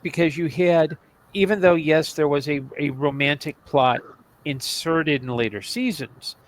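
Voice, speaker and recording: A man's voice: fairly high pitch, fairly even intonation, a little slow, rough recording. A man co-hosting a podcast in casual chat about old TV shows, rambling with many restarts and asides. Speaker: podcast co-host.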